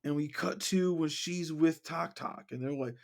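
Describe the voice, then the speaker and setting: A man's voice: a little high, normal speed, gravelly, darkish tone. Rambling male podcast co-host. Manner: rambling, lots of "like" and "you know". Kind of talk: casual chat.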